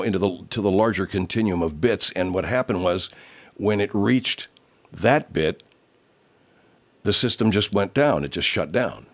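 A man hosting his own online show, chatting casually and rambling, swearing freely and mocking himself. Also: low voice. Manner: many fillers and restarts, drifts off topic. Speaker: host of an online radio show.

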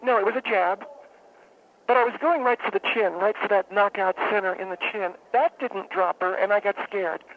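A man playing a rambling, deadpan woman football fan phoning in to a comic radio bit. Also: high-pitched, voice pushed up. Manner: rambling, deadpan, halting with fillers. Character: woman caller, brawling football fan, middle-aged. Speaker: caller. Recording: tinny phone line, faint hiss.

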